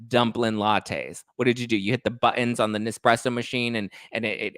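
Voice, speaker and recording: A man hosting a casual chat show, talking in a gossipy, animated way. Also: medium pitch, brisk, few pauses, no room sound, studio quality. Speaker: host.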